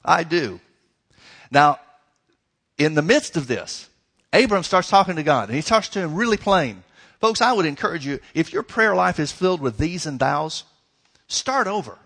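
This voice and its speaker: A man's voice: fairly high pitch, big pitch swings, normal speed, long pauses, a bit bright. A male pastor preaching a sermon, emphatic and folksy, stretching key words and speaking straight to the congregation. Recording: long reverb of a large hall.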